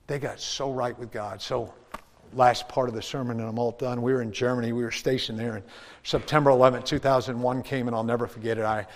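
A middle-aged man preaching a sermon as a pastor, telling animated stories that swing into shouts and laughs. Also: mid-range voice, brisk, a little hiss or hum. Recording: long church reverb.

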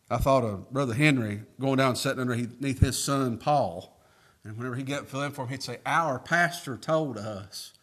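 A man's voice: mid-range voice, a bit bright, husky. A man preaching a sermon, reading scripture aloud and asking folksy rhetorical questions with emphatic rises.

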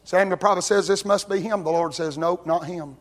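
High-voiced preacher, folksy. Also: male voice, fairly even intonation, a little fast. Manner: builds from quiet storytelling to loud shouting. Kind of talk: sermon.

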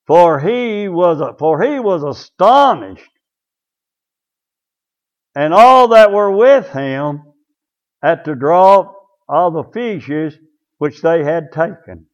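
Preacher, male, high voice, folksy and rousing, dull lo-fi recording. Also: animated, slow, long pauses. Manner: folksy, calls out to congregation, swings between shouting and low murmurs. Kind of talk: sermon.

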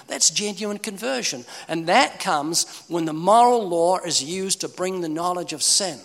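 A man's voice: high voice, expressive, a little slow, gravelly, few pauses, a bit bright, long reverb tail. A man preaching an emphatic, pleading evangelistic sermon.

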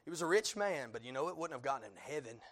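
Animated and rapid-fire, a preacher swings between quiet, low stretches and loud climaxes in his sermon, peppering it with amens and uh fillers.

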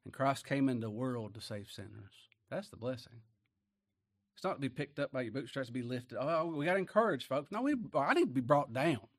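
A man delivers a folksy sermon full of rhetorical questions, swinging between loud declarations and low, quiet asides. He's expressive and speaks fairly quickly.

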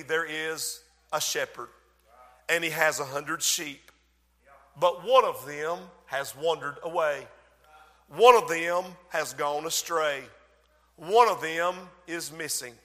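A man preaching a sermon and praying, dramatic in delivery, swelling loud and dropping soft, slowing down to stress key words. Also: a little high. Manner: dramatic, swells and drops in loudness, slows for emphasis. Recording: long hall reverb.

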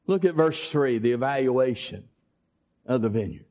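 A man preaching a sermon, emphatic and deliberate, with dramatic pauses. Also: mid-range voice, expressive, a little mellow.

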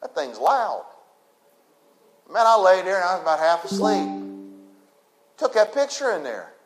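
A man's voice: high-pitched, sing-song, unhurried, faint music behind. A man preaching a sermon, repeating his points with emphasis and speaking straight to the congregation. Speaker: pastor.

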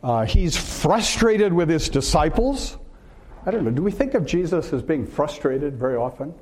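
A man preaching a sermon in an earnest way, asking rhetorical questions and pausing on filler words. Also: fairly high pitch, expressive, a little mellow.

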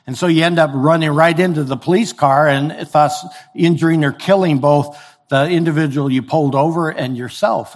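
An older man delivers a sermon with a voice that sits a little higher than most men's. He keeps it conversational and direct, and he slips into voices when he quotes complaining listeners. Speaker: pastor.

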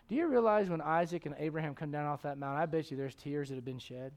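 A middle-aged man preaching a sermon as pastor, animated, swinging from loud exclamations to hushed tones and acting out voices in his stories. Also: fairly high pitch, fast talker. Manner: acts out voices in his stories, chuckles often.

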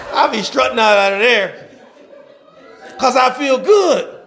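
A man with an unusually high voice preaching a sermon. He stretches out scripture lines, keeps checking in with the congregation, and slips into chuckling conversational asides between fervent stretches. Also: sing-song, vocal fry, crowd noise, noisy background. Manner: fervent, calls out to the congregation, drawn-out scripture reading.

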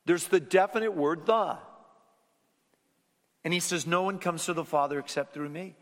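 A man preaching a sermon, rising to loud emphatic lines and then dropping to hushed, low endings. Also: normal speed. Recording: long hall reverb.

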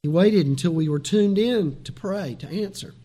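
A high-pitched middle-aged man preaching a sermon. He tells stories with animation, dropping into soft asides and rising into loud, pleading lines. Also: moderate pace. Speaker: pastor.

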